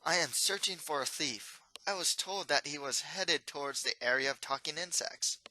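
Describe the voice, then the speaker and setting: A man's voice: a little high, moderate pace, bright, forceful tone, pitched above the performer's own voice, low-quality recording. A man voicing a naive, polite young prince who speaks formally and earnestly, in a storybook reading.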